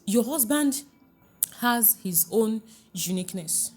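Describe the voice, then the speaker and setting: A middle-aged Nigerian woman, a relationship coach, is interviewed on a podcast and speaks in a lively, fairly high voice at a slow pace. She laughs often and keeps checking whether the listener understands, with soft music playing in the background.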